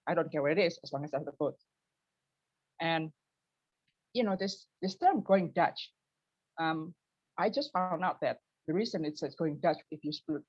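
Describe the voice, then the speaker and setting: Woman cracking self-deprecating jokes at an open mic over a video call, dry dull audio, kinda husky. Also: no room sound. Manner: self-mocking, lively, switches to high voice for quoted people. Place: home, early morning.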